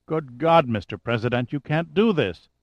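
A man's voice: mid-range voice, expressive, moderate pace, dry recording, dull audio, lightly acted. A man reading aloud, voicing an anxious, emotional male presidential aide who protests urgently. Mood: alarmed.

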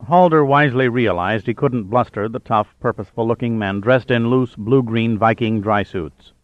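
Man, audiobook narrator, steady, middle pitch, dry, slightly muffled sound. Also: moderate pace, no room sound. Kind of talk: scripted narration.

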